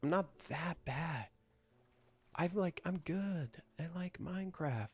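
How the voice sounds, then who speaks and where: A young gaming YouTuber chats casually over his gameplay, rambling, joking, and going off on rants about whatever comes up. His voice is husky and fairly high, with lively intonation and a slow pace.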